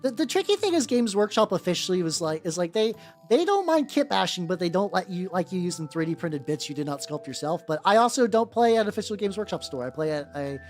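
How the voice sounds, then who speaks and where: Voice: medium pitch, sing-song, fast talker, few pauses, darkish tone. A VTuber chatting casually while painting miniatures, rambling and profane, full of fillers and restarts. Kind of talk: casual live-stream chat while working. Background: faint background music.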